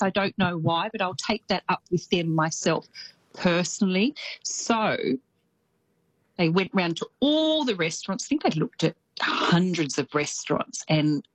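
Low-voiced Australian woman, chatty correspondent. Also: dry recording, poor audio. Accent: Australian with a slight New Zealand tinge. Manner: chatty, enthusiastic, laughs easily. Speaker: New Zealand correspondent. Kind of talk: radio correspondent chat.

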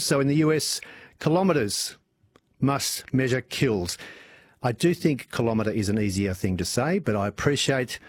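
Chatty Australian radio host, husky voice. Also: male voice, medium pitch. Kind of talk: evening talk radio chat. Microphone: studio microphone.

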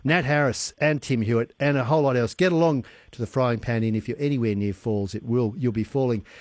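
A man's voice: mid-range voice, fairly quick, no room sound. A man hosting a radio show, chatting casually and laughing easily as he tells stories. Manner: laughs easily, animated storyteller. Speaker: radio host.

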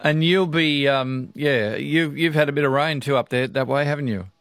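A man's voice: medium pitch, normal speed, a bit bright, no room sound, clean studio sound. A man with an Australian accent hosting talkback radio, chatting folksily with callers and laughing easily. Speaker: radio host taking calls. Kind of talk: casual talkback radio chat.

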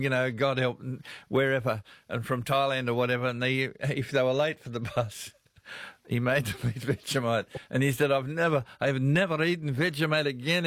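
An Australian man hosts a talkback radio show in a casual, rambling way, often chuckling mid-story. His voice sits at an ordinary pitch. The studio sound is close and dry, with no room around it. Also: dry recording. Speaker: radio host.

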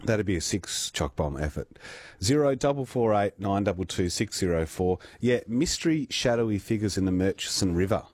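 A middle-aged man with an Australian accent hosts a talkback radio show. His voice sits very low and has a husky edge. He talks in an easygoing, chatty way and laughs often. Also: moderate pace. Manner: relaxed, chatty, laughs easily. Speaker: radio host.

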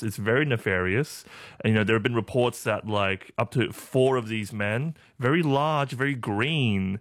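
A man with a lower voice co-hosting a casual chat show. He rambles along, full of fillers, and slips in deadpan jokes. The sound is dry and close. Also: no echo. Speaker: co-host.

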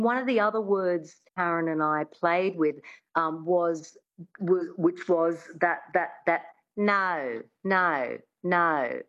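A woman's voice: on the low side, lo-fi sound. A woman with an Australian accent, an accent coach chatting as an interview guest with many restarts.

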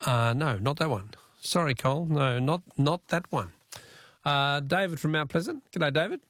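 A man with an Australian accent hosting a talkback radio quiz, jovial and quick to laugh. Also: on the high side, expressive, fairly bright tone, no room sound, clean studio sound.

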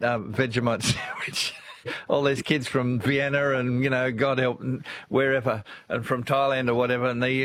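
A man's voice: mid-range voice, no echo. An older man with an Australian accent hosting a casual talkback radio show, chatty and rambling with frequent laughs. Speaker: radio host.

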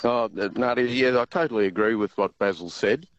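A man calling a talkback show, steady, reasoned and polite. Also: mid-range voice, a little fast, a little hiss or hum. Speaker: talkback caller. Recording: dull phone line.

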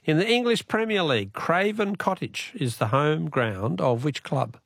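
Chatty Australian male radio quiz host, jokey, voice bouncing up and down, slightly higher pitched. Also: expressive, moderate pace, vocal fry, a bit bright, dry recording, clean studio sound. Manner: jokey, laughs often, chatty.

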